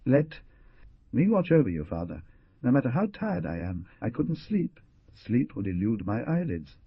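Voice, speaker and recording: Guy reading as a sad gentle young girl, pleading, husky voice that swings up and down. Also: medium pitch, big pitch swings, moderate pace, no room sound, muffled recording, voice pushed up, exaggerated voice. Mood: sorrowful. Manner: pleading and sorrowful. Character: sad gentle young woman, a hunter's daughter.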